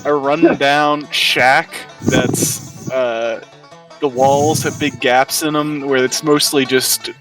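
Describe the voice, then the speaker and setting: A man playing a tabletop game, describing his character slowly and hesitantly. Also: mid-range voice, fairly bright tone, distant mic, poor audio. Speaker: player.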